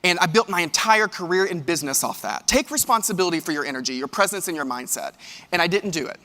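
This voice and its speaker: A man giving a motivational keynote, telling stories in an animated way and talking straight to his audience. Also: sits high, quick pace. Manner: animated storytelling, addresses audience directly. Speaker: keynote speaker. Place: large hall with live audience. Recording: long hall reverb.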